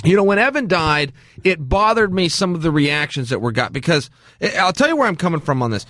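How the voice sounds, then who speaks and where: A man's voice: a little high, expressive, fairly quick, fairly bright tone, dry recording, studio quality. A man in casual chat, speaking emphatically and explaining things to the audience.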